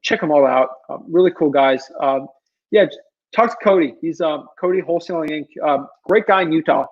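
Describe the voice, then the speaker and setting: Earnest rambling man, slightly high voice. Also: fairly quick, lo-fi sound. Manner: earnest and pleading, rambling with many fillers. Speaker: real estate wholesaler answering viewer questions. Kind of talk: casual livestream Q&A advice.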